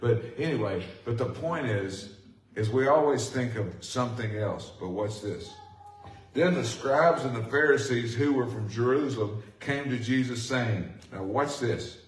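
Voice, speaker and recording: A man preaching a sermon as pastor, speaking with rising passion and excited emphasis. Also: medium pitch, unhurried. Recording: echoey room from far off.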